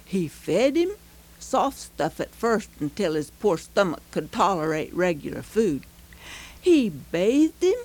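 Slow, expressive woman reading a story. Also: a little high, dry recording, rough recording. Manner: slow, expressive read-aloud. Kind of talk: scripted story narration.

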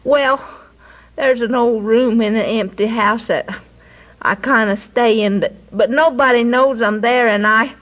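A woman's voice: a little high, a little slow, a bit bright, highs cut off. A woman voicing a poor, hungry little newsboy who stammers timidly, in a storybook reading.

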